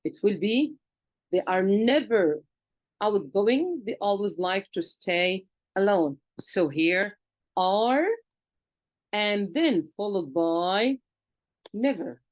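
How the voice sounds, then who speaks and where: Slow, patient woman teaching English. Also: mid-range voice, animated, no echo, low-quality recording. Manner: slow, patient, asks the class questions and answers them. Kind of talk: grammar lesson for children.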